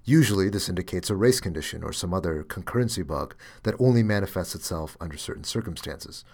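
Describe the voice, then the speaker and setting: Low-voiced man hosting a podcast. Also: animated, quick pace, vocal fry, darkish tone. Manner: thoughtful, with fillers and restarts. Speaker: podcast host. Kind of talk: reading a story aloud, then casual commentary.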